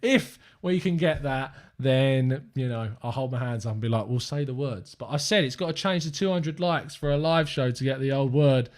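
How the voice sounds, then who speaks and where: A man's voice: medium pitch, normal speed, few pauses. A young man with an English accent hosting a live fan-channel stream, chatting upbeat and rambling to viewers from his desk.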